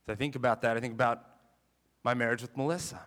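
A man preaching a sermon in a chatty, animated way, mixing jokes and scripture. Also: mid-range voice, fast, long reverb tail. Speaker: pastor.

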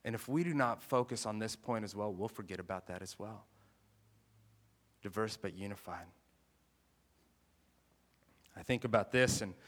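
A man preaching a sermon in a chatty, animated way, mixing jokes and scripture. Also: lowish voice, in a large hall. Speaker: pastor.

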